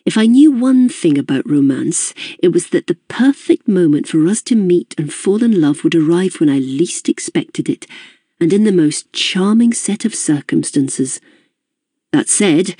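A woman's voice: fairly low pitch, animated, normal speed, dark tone, husky, dry recording, clean studio sound. A woman narrating a novel in the first person, in a precise and formal manner. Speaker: audiobook narrator.

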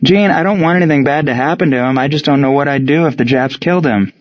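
A man doing an earnest, spirited young woman in an audiobook, her voice raised well above his own and a touch louder. She pleads and scolds in turn, and the recording sounds a little muffled. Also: on the high side, quick pace, dry recording, voice pushed up, lightly acted. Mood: worried.

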